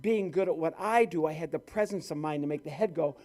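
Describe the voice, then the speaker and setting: This man's voice runs on the high side and a little fast. A comedian and ventriloquist, he's doing live stand-up at a corporate event, working the crowd and spinning playful, lively stories.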